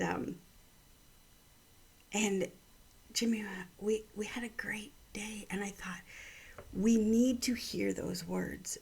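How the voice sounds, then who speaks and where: A middle-aged woman and mother telling a personal story and offering gentle encouragement, often dropping into soft whispers. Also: mid-range voice, vocal fry, slightly rough. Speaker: vlog host giving encouragement.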